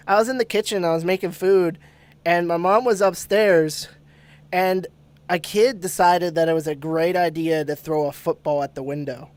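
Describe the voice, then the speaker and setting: A man in casual podcast chat, telling a story in an animated, profane way with laughs breaking in. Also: on the high side, normal speed, clean tone.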